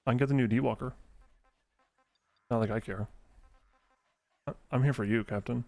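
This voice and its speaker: A man live-streaming a video game, ranting in an animated, exasperated way with lots of swearing, then muttering through menus. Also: medium pitch, normal speed, vocal fry. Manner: mutters menu choices under his breath while playing. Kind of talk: casual live-stream gameplay commentary.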